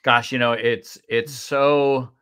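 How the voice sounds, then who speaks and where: A man hosts a casual podcast interview at an unhurried pace. He offers short, encouraging reactions and asks questions to keep his guest talking. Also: mid-range voice, little pitch movement, fairly bright tone, clear, resonant tone. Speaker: podcast host.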